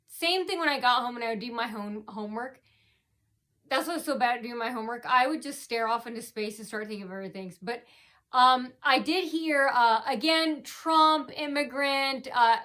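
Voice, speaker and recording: A long, rambling personal story comes from a woman vlogger whose voice is fairly high. Her speech is halting, crowded with fillers and restarts, and her sentences often fade into quiet.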